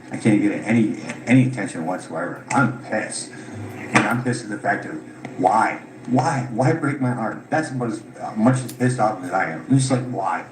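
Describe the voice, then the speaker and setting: A tired, frustrated man recounting his grievances, swearing often as he talks. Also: fairly low pitch. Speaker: caller telling his story. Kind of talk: unscripted recorded account. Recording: echoey room with loud background noise.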